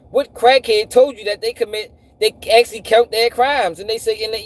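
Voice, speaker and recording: A man hosting a live stream, animated and profane, repeating himself and firing off rhetorical questions. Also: sits high, fairly quick, few pauses. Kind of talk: casual commentary to a live audience.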